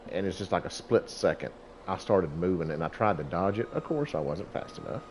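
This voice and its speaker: A man's voice: deep voice, lively intonation, a little fast, a little hiss or hum. A middle-aged man who hosts a gaming channel, telling a rambling story about himself over gameplay, folksy and chuckling often.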